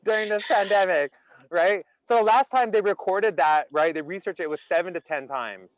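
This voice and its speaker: A man leading an interactive online laughter workshop, animated and chatty, quizzing his audience and filling his speech with "like". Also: high voice, normal speed, no echo, rough recording. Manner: animated, chatty, asks audience questions, many "like" fillers.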